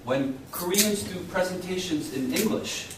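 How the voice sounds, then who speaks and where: A man teaches a communication class, throwing quick questions to his students to keep them involved. He speaks slowly and deliberately. His voice sits a little high, and it sounds distant, heard from across a very echoey classroom with a faint hum behind it. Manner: lively, asks the class questions often. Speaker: communication skills instructor. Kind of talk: lecture to a class.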